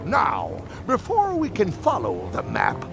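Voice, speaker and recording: An actor playing a gloating villainous ghost pirate captain who gives orders in a gruff, commanding voice in a video game. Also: male voice, high-pitched, wildly swooping pitch, slow pace, music in the background, full character voice.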